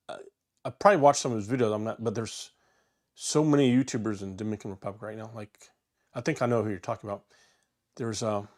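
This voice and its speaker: A man in his forties hosting a casual travel livestream alone, reading viewer comments aloud and answering them in a rambling, halting way, full of fillers and restarts. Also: on the low side. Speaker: travel YouTuber and livestream host.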